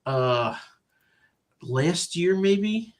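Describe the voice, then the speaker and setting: A man co-hosting a podcast as an author, chatting casually and telling animated, self-deprecating stories. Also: sits high, very slow. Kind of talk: casual chat.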